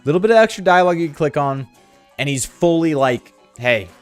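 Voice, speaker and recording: Slangy excitable young guy gaming. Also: fairly high pitch, fast, clear, resonant tone, faint music behind. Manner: slangy, excitable, lots of "dude" and "bro". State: sore throat. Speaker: gaming video host. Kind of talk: casual game commentary.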